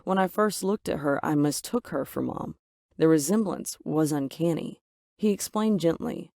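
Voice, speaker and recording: A woman's voice: sits low, normal speed, creaky, darkish tone, no room sound, studio quality. Woman narrating a dramatic story. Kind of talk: scripted first-person narration.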